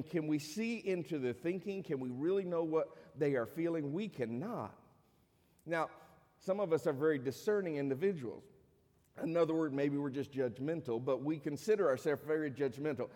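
A man's voice: on the high side, lively intonation, moderate pace, warm tone. A male pastor preaching a sermon, often putting rhetorical questions to his congregation. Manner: preachy, asks the crowd many rhetorical questions. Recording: long hall reverb.

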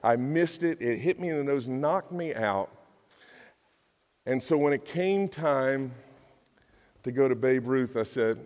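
A man's voice: medium pitch, lively intonation, a little slow, long pauses, a little mellow. Man preaching in an echoey hall. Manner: conversational, jokey, acts out quotes in voices. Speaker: pastor. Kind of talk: sermon. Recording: long hall reverb.

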